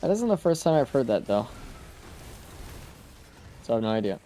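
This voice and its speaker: A man's voice: medium pitch, very animated, moderate pace, mellow, slight background noise. A man streaming a game live, chatting casually with viewers in a laid-back, rambling way, trailing off with fillers. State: sleepy, yawning. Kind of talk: casual live-stream commentary while playing.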